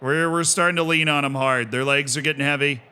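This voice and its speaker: A man streaming a football management game, swinging between low muttering and shouted play-by-play commentary. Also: fairly even intonation, a little fast, smooth. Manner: bursts into shouted play-by-play, then mutters to himself.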